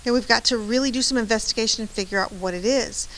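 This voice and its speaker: A woman's voice: on the high side, quick pace, a bit bright, low-quality recording. A woman math teacher giving a chatty, encouraging lecture, often checking in with "right?". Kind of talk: classroom lecture.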